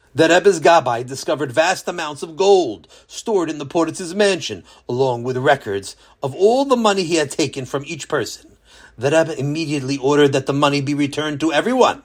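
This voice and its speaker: A man narrating a children's story in an expressive storyteller manner. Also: a little high, slightly rough.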